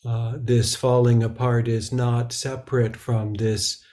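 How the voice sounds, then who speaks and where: A man giving a Zen dharma talk, slow and halting, with many filler sounds between phrases. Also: medium pitch, flat delivery, mellow. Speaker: Zen teacher.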